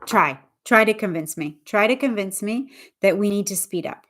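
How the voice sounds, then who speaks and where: Speaking at medium pitch with an expressive, slightly bright voice, a woman English teacher explains her point on a casual livestream. She is thoughtful and deliberate, with many restarts.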